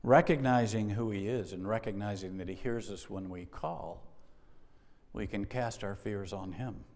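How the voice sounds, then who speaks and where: Heard with long hall reverb, a pastor delivers an emphatic sermon, asking the congregation rhetorical questions and prompting an "amen." He has a fairly low pitch and a darkish tone.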